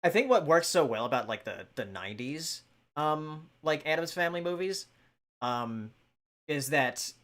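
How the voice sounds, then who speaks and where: A man hosting a podcast in casual chat, talking hesitantly and filling pauses with "um" and "like". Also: fairly high pitch, lively intonation, a bit bright. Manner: hesitant, many fillers. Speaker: podcast host.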